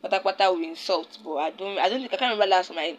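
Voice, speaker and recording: A woman's voice: lowish voice, rapid-fire, poor audio. A young Nigerian woman hosting a casual solo podcast, rambling and often stopping to search for her words. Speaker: podcast host.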